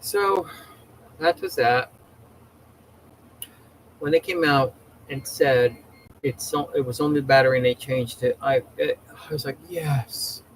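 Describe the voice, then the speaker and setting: Casting: man, everyday mid pitch, casual livestream host, rambling chatter, faint noise behind. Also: unhurried, pauses often, low-quality recording. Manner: rambling, chatty, many restarts.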